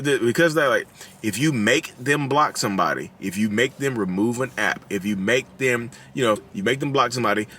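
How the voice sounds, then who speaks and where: A Southern-drawling channel host in his thirties addresses his viewers casually, raising his voice to act out quotes and laughing at his own jokes. His low-leaning voice is a bit bright, and the recording has a little hiss or hum.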